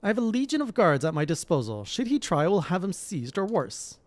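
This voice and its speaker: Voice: medium pitch, big pitch swings, brisk, pitched above the performer's own voice, lightly acted. A streamer voicing a haughty, imperious noblewoman who speaks in a cold, commanding way. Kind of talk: reading game dialogue aloud.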